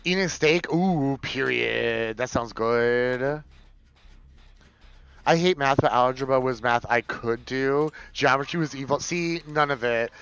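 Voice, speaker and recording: A man streaming live, chatting casually and campily with his viewers while he plays, his pitch jumping up for excited bursts. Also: measured pace, gravelly, clear, resonant tone. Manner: chatty and campy, reading chat aloud, swinging pitch. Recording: dull lo-fi stream audio.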